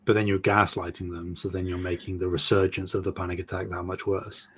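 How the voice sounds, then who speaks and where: Deadpan low-voiced man, faint hiss. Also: a little fast. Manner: dry, deadpan teasing. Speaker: podcast co-host. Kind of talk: casual chat.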